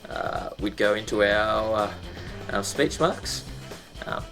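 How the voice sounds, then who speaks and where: A man's voice: lowish voice, slow pace, a bit bright, faint music behind. A man teaching a casual lesson, chatty and full of ums and restarts, breaking into sound effects.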